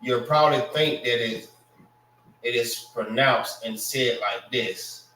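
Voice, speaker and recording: Slow-talking man teaching in an echoey room. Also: mid-range voice, bright, forceful tone. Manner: slow, repeats words for students to follow. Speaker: language class teacher. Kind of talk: classroom lesson on pronunciation. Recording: echoey room, mic far off.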